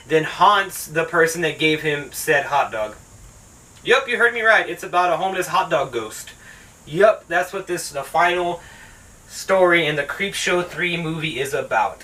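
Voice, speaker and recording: A man's voice: high-pitched, bright, forceful tone, distant mic, rough recording. A man hosting his own channel, ranting through a sarcastic, profanity-heavy casual movie review. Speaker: film reviewer, channel host.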